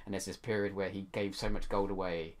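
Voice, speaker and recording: A man's voice: deep voice, level tone, a little fast. A man co-hosting a podcast in casual chat, enthusiastic and rambling, with many restarts. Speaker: podcast co-host.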